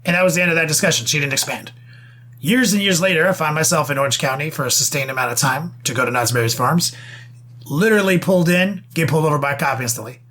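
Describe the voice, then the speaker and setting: A young man chats on a podcast, rattling off a swear-laden story. His voice sits a touch high for a man. He talks in fast, excited bursts. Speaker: podcast co-host. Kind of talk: casual podcast banter.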